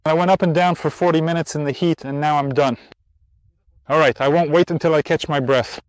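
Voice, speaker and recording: Male host, a bit high, breathless, casual coach talk, dry sound. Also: steady tone, fairly quick, clean tone, no room sound. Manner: tired, chatty, encouraging. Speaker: riding instructor and host. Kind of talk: casual outdoor lesson vlog. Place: outdoors at a riding spot in the heat.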